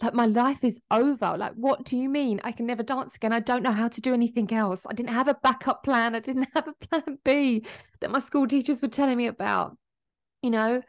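Young woman, podcast host, personal story, candid and emotional, gravelly voice. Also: fairly high pitch, a little fast. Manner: candid, emotional, expressive, acts out quotes.

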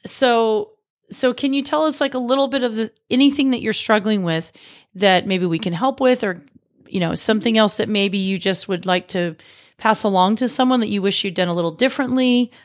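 A woman's voice: mid-range voice, fairly quick. A woman hosting a podcast interview, giving friendly advice in a casual, encouraging way and often checking in with "right?". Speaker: podcast host.

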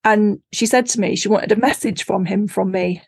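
A woman's voice: medium pitch, moderate pace, gravelly, breathy edge, no room sound, studio quality. A woman, a podcast guest and author, telling stories in a casual chat and acting out her own reactions with laughs. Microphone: remote call.

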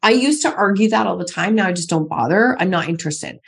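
A middle-aged woman speaks candidly as a podcast guest, her voice gravelly with a husky edge. She tells her story emphatically and keeps circling back to the same phrases to drive a point home. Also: medium pitch, lively intonation, fast. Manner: emphatic, repeats phrases for stress.

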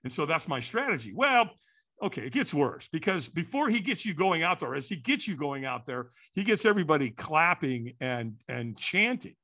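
Man, lively storyteller, bright tone, slightly high pitch. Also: moderate pace. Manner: lively, acts out quotes and sounds. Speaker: guest telling a story. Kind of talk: animated storytelling.

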